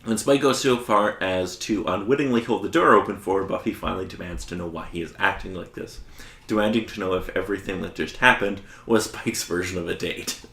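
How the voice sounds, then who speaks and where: A man's voice: low voice, fairly quick, roomy sound. A man co-hosting a podcast, recapping an episode in a casual way and laughing often. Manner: laughs often, animated plot summary.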